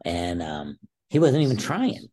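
Deep-voiced older man telling stories. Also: big pitch swings, a little slow, dark tone. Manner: rambling, emphatic, many restarts. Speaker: interview guest, former Olympic wrestler. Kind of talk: storytelling in a casual interview.

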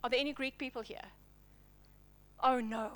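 High-voiced woman preaching a dramatic sermon. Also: fairly even intonation, moderate pace. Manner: dramatic, dropping to a hush for key lines.

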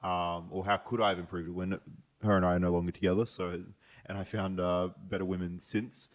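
A man talking as a podcast guest in casual chat, hesitant and halting as he searches for words. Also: deep voice, level tone. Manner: hesitant, full of fillers and restarts.

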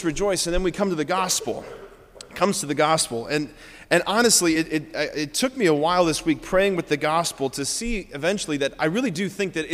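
A Catholic priest giving a Sunday homily in an animated way, often checking in with the congregation by asking "right?". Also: male voice, a little high. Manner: animated, frequent "right?" asides. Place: large church. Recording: reverberant church hall.

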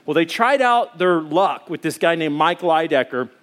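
A middle-aged man preaching a sermon, telling a personal story in an animated, conversational way with frequent restarts. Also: on the high side, moderate pace. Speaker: pastor.

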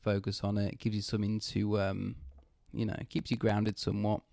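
A low-pitched man with a gravelly edge, chatting casually on a podcast. He sounds laid-back and wry, and the sound is close and dry. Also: completely flat delivery, brisk, darkish tone, dry recording. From England. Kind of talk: casual chat.

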